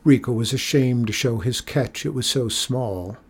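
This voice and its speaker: Man, storybook narration, husky voice, middle pitch, steady reading. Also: moderate pace. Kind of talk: storybook read-aloud narration.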